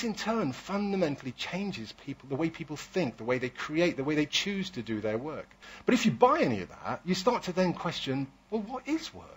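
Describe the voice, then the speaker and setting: Lively, husky man giving a talk. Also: medium pitch. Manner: lively, persuasive, asks rhetorical questions. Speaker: speaker. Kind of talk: public talk.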